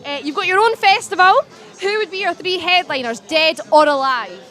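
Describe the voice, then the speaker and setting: A bubbly, excitable woman presenting a podcast, firing off quick questions. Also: very high voice, faint music behind. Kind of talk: quick-fire interview questions. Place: outdoors in a city.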